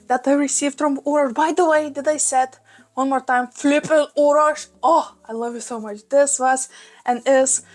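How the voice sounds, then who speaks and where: A woman with a Russian accent vlogging about her plants at home, gushing and exclaiming often. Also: high-pitched. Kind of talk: casual vlog. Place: small room at home. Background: soft background music.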